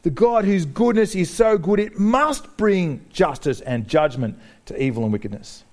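Animated preacher, man. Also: high voice, normal speed. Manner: animated preaching, jokes with the congregation, acts out quoted speakers. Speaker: pastor. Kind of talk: sermon.

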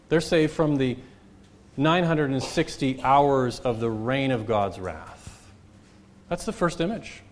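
A man preaching a sermon as pastor, stressing points by repeating phrases and swinging between loud and soft. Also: mid-range voice, slight background noise. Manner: preaching with wide swings in loudness and pace.

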